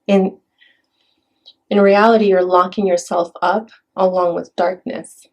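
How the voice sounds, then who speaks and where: Earnest, low-voiced laughing woman. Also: level tone, darkish tone. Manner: earnest, laughs often, talks in quick bursts. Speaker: spiritual healer, podcast guest. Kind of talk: casual podcast conversation.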